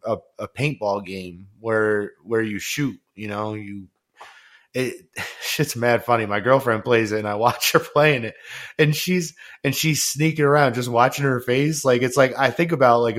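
Young male podcast host, slangy and profane, animated storyteller who laughs easily. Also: mid-range voice. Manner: slangy, profane, laughs through stories, acts out voices. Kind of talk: casual chat, animated storytelling.

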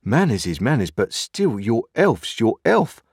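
A gentle, simple working man speaks earnestly in plain rustic grammar, his voice raised above the narrator's, as a male reader puts him on. Dry, close audiobook sound. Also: a little high, lively intonation, unhurried, no room sound, pitched above the performer's own voice. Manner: earnest, confidential, rustic speech. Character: gentle, simple-spoken village blacksmith Joe.

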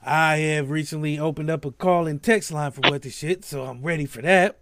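A man's voice: on the high side, fairly even intonation, brisk, a bit bright, dry recording, studio quality. A man hosting a podcast in casual chat, laid-back and slangy, laughing often, with a sore throat. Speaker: podcast host.

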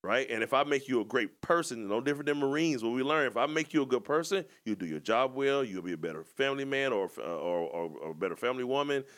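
A man's voice: mid-range voice, expressive, fast talker, hardly any pauses, fairly bright tone. A man co-hosting a podcast, telling his story in a casual, rambling, reflective way. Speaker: podcast co-host and coach.

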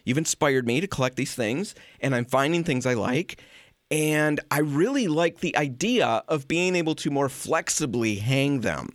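A man in his forties co-hosting a casual home-design chat, animated and self-deprecating, often laughing at himself. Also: medium pitch, moderate pace, no echo, clean studio sound. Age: 40s. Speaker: podcast co-host.

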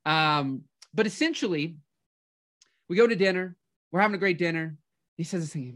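A man who works as a life coach, giving an energetic motivational talk, telling a personal story with frequent restarts. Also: a little high, moderate pace.

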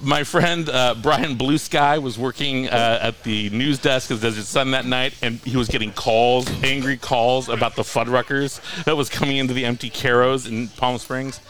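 A man's voice: mid-range voice, steady tone, normal speed, few pauses, a bit bright. A man who is a guest author, telling wry, mocking stories in casual podcast chat and laughing often. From Coachella Valley, California.

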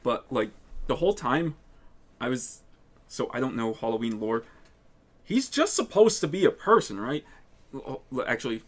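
A young man chatting about a film with friends in a laid-back, joking way. He throws in deadpan gags between his opinions. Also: medium pitch, normal speed, pauses often. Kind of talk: casual movie chat among friends.

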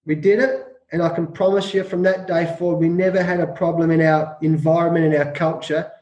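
Middle-aged Australian male coach, lively storyteller who bursts into quoted shouting; higher voice, reverberant room. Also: lo-fi sound. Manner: acts out quoted shouting, rapid repetitions. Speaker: cricket coach and author. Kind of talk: animated storytelling in an interview.

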